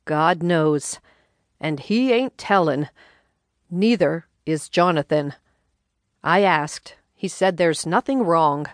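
A woman's voice: low voice, slow, no room sound. A woman voicing a grumbling, folksy older husband who talks in a dry, laconic drawl.

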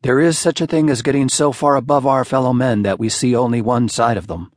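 Man reading storybook husband, gentle, hurried, stammering, flustered. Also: medium pitch, fairly even intonation, no echo, clean studio sound, lightly acted. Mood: musing. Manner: gentle, hurried when caught out. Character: genial middle-aged husband, gentle, then flustered.

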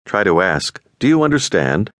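A man narrating a scripted audio language lesson, giving clear, patient instructions. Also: lowish voice, sing-song, normal speed, fairly bright tone, dry recording, clean studio sound.

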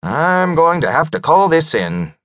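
A man's voice: on the high side, big pitch swings, measured pace, a bit bright, dry recording, studio quality, voice pushed up. A man voicing a pompous, self-important little rodent official who gets flustered easily. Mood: officious.

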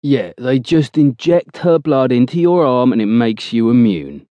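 A man's voice: medium pitch, expressive, measured pace, mellow, no room sound, muffled recording, pitched above the performer's own voice, natural voice. A man voicing a blunt, exasperated young male soldier who swears freely.

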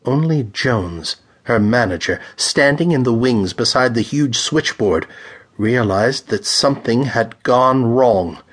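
Slow, husky male audiobook narrator. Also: mid-range voice, lively intonation, fairly bright tone. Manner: measured, dramatic pulp-thriller reading.

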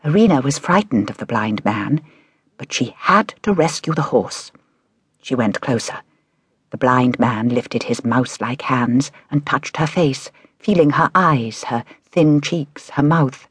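Lady reading a kids' audiobook, breathy, pitch rises and falls a lot, dry close sound. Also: no room sound. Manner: measured, expressive storytelling. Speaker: audiobook narrator. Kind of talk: children's audiobook narration.

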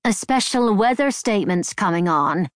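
A woman's voice: medium pitch, expressive, normal speed, no room sound, lightly acted. Woman voicing a blunt old mother with a teasing streak, dry studio sound, storybook read. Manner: teasing, reads aloud from the television. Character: elderly mother, coarse and mischievous.

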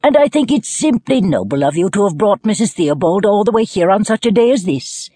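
A prim, snobbish middle-aged mother in an audiobook, primly correcting and looking down her nose, as a woman narrator voices her. The breathy voice rises and falls lively, and the recording is close and dry. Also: mid-range voice, brisk, no room sound, voice pushed up. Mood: gracious.

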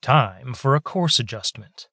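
A man narrating a science fiction audiobook in a steady, measured way. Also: mid-range voice, no echo, studio quality. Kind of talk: scripted sci-fi narration.

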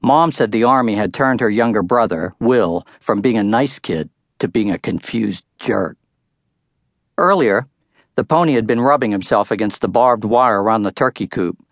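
A man's voice: on the low side, moderate pace, no room sound, clean studio sound. Wry older man reading an audiobook. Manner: wry, storytelling first-person narration. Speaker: author-narrator. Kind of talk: audiobook narration.

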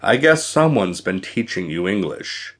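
Guy reading young hero, wry and stubborn, low voice, slow. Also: very animated, a bit bright, heavily acted. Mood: defiant. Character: young married man, brave but nervous. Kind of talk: audiobook character voice.

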